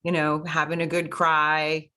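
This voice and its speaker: A woman comforting another person on a video call in a gentle, reassuring way. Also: low-pitched, completely flat delivery, a little slow. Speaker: study group member.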